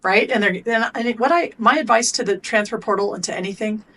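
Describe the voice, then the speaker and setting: This middle-aged performance coach is a guest on a podcast, playing out coach-and-athlete dialogues in lively, blunt stories with casual cursing. Her voice is on the high side and a little fast.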